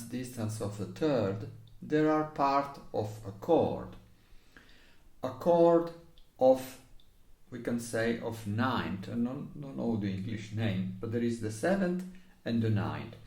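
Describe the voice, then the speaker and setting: In an echoey room, an Italian-accented man teaches recorder phrasing in non-native English, pausing now and then and singing lines on syllables. He speaks slowly in a sing-song way, with a medium, creaky voice of darkish tone.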